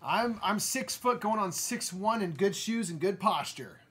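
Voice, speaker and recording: A young man co-hosting a live game stream, excitable and playful, laughing often as he chats. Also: sits high, a little slow, breathy edge. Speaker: streamer co-host. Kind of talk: casual chat on a live stream.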